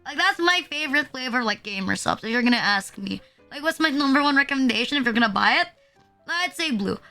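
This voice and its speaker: A woman's voice: sits high, lively intonation, fast, pushed and bright, soft background music. A young woman streamer in casual chat, rambling with lots of filler words and casual swearing.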